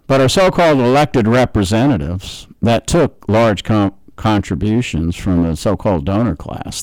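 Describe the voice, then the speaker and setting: A man's voice: on the low side, darkish tone, no room sound, low-quality recording. Man, middle-aged, political speaker from the US; emphatic, dry close sound. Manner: emphatic, repeats words for stress. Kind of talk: political talk.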